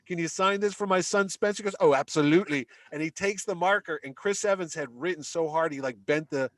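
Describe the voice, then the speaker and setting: Animated storytelling man, dry close sound. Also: a little high, fast, no room sound. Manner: animated anecdote teller, acts out dialogue. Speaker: podcast guest. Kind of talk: casual storytelling.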